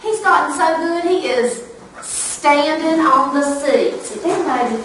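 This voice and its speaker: Woman, young adult, animated read-aloud, distant mic, faint noise. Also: high-pitched, unhurried. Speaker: student teacher. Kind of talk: reading a picture book to children. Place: classroom. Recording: echoey classroom, far from mic.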